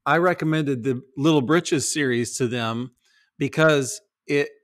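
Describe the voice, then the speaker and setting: Middle-aged male podcast host, relaxed conversational delivery. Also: medium pitch, measured pace, no room sound, studio quality. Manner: easygoing, storytelling. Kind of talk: casual chat.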